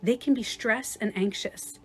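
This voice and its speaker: A woman life coach giving a casual livestream talk, chatty and quick to laugh, acting out little scenarios as she explains. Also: fairly high pitch, faint music behind.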